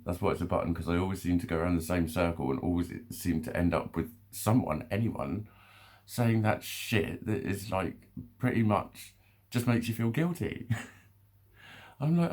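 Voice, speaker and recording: Man, vlogger; very low, husky voice; loose, sweary, rambling monologue. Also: normal speed, a little mellow. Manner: rambling, swears a lot, self-interrupting; laughs between phrases. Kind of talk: casual monologue to camera.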